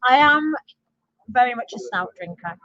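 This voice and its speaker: A woman, a bottle shop owner chatting as a guest and telling stories in a lively, animated way. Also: a little high, normal speed. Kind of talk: casual chat as a guest. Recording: muffled lo-fi audio with crowd chatter.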